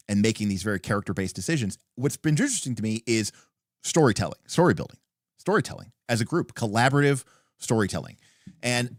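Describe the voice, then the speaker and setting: A man's voice: on the low side, no echo, studio quality. Rambling man musing with lots of fillers. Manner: rambling, thinking aloud with many fillers. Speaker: stream host. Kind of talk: casual livestream commentary on a tabletop rulebook.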